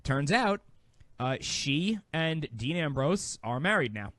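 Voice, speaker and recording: A man co-hosting a wrestling podcast in casual chat, a quick storyteller who recaps things with amused asides. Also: fairly high pitch, sing-song, fairly bright tone, dry recording. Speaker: podcast co-host.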